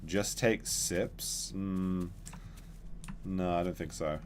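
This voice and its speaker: A man streams a dinosaur game and rambles casually to his chat while he plays, offering chatty gameplay commentary. His low-pitched voice is steady, with drawn-out words, and there's slight background noise.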